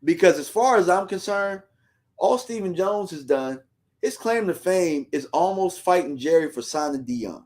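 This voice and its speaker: A man's voice: high voice, expressive, moderate pace, darkish tone. A man hosting a fan livestream, ranting heatedly in slangy casual talk and reading out viewer comments.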